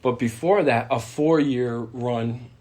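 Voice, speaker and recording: A man's voice: mid-range voice, takes it slowly, a little mellow. A man hosting a casual podcast chat, telling stories in a loose, rambling way with trailing restarts. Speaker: podcast host.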